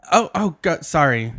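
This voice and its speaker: A man's voice: high voice, fairly bright tone, slightly rough. A man co-hosting a podcast in casual, crude banter, laughing often. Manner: giggly, laughs often while talking. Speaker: podcast co-host. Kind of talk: casual chat.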